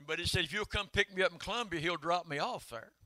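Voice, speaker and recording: An older man, preaching a sermon in a folksy storytelling way that swells into shouted calls. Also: high-pitched, quick pace, no room sound. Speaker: pastor.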